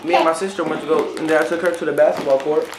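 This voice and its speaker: Over background noise in an echoey room, a young man with a somewhat high, steady-toned voice talks very fast. The vlogger casually rambles through a story to camera, full of fillers and frequent "right?" tags.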